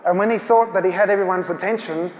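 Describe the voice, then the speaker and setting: A man's voice: high-pitched, fast talker, muffled recording. A man giving an anecdotal talk as guest speaker at a church seminar, acting out the dialogue as he tells it. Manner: storytelling, acts out dialogue. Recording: echoey hall.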